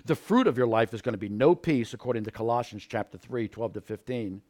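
A man preaching a sermon, moving from quiet, earnest teaching to loud, pleading peaks. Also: mid-range voice, lively intonation, a little fast.

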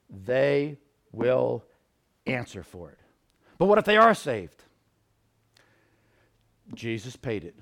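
Male preacher, mid-range voice, sermon delivery, earnest with impassioned swells. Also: medium pitch. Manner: swings from quiet earnest teaching to loud pleading.

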